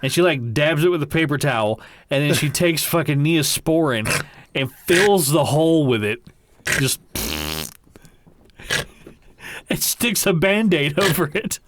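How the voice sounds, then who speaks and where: A man's voice: fairly high pitch, very animated, unhurried, pauses often, background noise. A man co-hosting a podcast, telling childhood stories in a laid-back way, swearing freely and laughing at his own tales. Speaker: podcast co-host. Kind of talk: casual storytelling chat.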